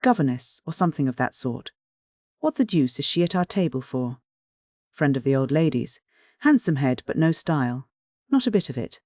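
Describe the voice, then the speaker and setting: A man's voice: a little high, very animated, moderate pace, darkish tone, no echo, clean studio sound. A man reading the part of a sneering young boarder who talks in an offhand, dismissive way.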